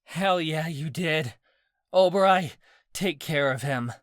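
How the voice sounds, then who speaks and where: A man voicing a furious, defiant young woman sorceress who yells scornfully in an audiobook. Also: on the high side, takes it slowly, dry recording, clean studio sound, pitched above the performer's own voice. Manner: yelling, scornful.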